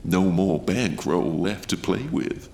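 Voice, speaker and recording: Casting: man putting on a deep, gravelly Southern-accented gambler, slow and creepy storybook villain. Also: lively intonation, a little hiss or hum, heavily acted. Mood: sly menace. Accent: Southern American. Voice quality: gravelly, slow, low drawl. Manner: soft-spoken and menacing. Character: tall, creepy, sly male gambler in shark costume. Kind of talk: storybook reading.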